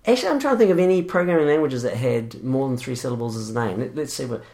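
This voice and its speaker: A man's voice: mid-range voice, expressive, quick pace, a little mellow. A man with a New Zealand accent co-hosting a podcast, bantering playfully and teasingly. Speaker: podcast co-host. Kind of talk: casual tech chat.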